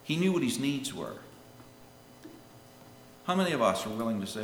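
A man preaching a sermon, swinging from loud calls to hushed lines, and reading scripture in old-fashioned wording. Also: mid-range voice, very animated, normal speed, pauses often, faint music behind. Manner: reads scripture in King James wording. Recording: echoey hall with long reverb.

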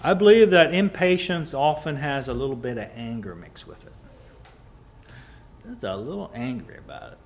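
A man preaching a sermon, rising to loud emphatic peaks and dropping to quiet, soft passages. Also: medium pitch, lively intonation, normal speed, slight background noise.

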